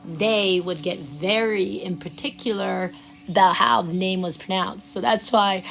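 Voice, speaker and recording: A mid-pitched woman hosts a live Reiki stream outdoors at sunrise. She chats warmly with viewers, trips over their names, and guides breathing in a soft, slow voice. Faint music plays behind her. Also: vocal fry. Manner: chatty, reads viewers' names aloud and fumbles them. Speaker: Reiki practitioner and stream host.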